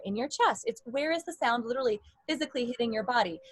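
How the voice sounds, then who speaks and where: A woman's voice: a little high, animated, fast, husky, no echo. A young adult woman vocal coach giving a casual, rambling lesson with demonstrations.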